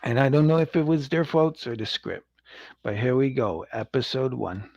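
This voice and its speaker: A man's voice: mid-range voice, moderate pace, vocal fry, a little mellow, no room sound. A man hosting a casual livestream review. He rambles, chuckles often and acts out quotes. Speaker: show host reviewing an animated series. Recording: dull lo-fi, dry sound.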